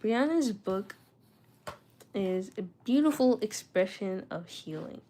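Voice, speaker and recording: A woman's voice: mid-range voice, animated, takes it slowly, dark tone, slight background noise. Chatty young woman reading aloud with retainers in. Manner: chatty, self-talking, reads aloud with stumbles. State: talking with retainers in. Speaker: study vlogger. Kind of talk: casual study-with-me chat and reading aloud.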